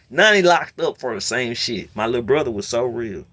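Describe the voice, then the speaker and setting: Male storyteller, casual rant, lively up-and-down delivery, mid-pitched. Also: brisk. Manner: animated, swings between low mutter and loud outbursts. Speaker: storyteller host.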